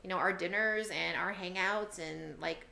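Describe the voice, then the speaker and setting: Brief: female podcast co-host, thirties, friendly and inviting, mid-pitched voice in a roomy, echoey space. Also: normal speed, gravelly, bright, forceful tone, slight background noise. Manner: friendly, inviting, lots of fillers. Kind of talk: casual podcast chat.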